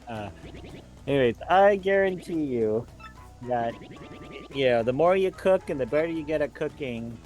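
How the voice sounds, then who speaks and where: A man's voice: fairly high pitch, lively intonation, moderate pace, long pauses, a little mellow, soft background music. A man co-playing a video game, rambling casually and laughing at his own jokes. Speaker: co-player. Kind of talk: casual gaming chat.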